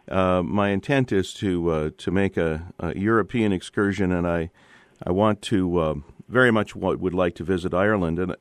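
A man hosting a call-in radio show, halting and searching for words. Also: sits low, clear, resonant tone, dry recording, studio quality. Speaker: radio host.

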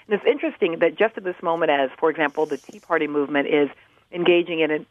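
A woman professor answering interview questions over the phone, thoughtful, with many ums and restarts. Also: low-pitched. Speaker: professor and guest commentator. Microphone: telephone. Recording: tinny phone line.

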